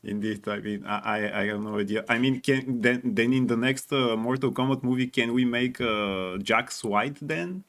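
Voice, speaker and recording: A man's voice: medium pitch, moderate pace, hardly any pauses, fairly bright tone. A man co-hosting a casual talk show, agreeing often and restarting his sentences. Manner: agreeable, hesitant restarts, frequent "yeah". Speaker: podcast co-host. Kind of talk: casual chat.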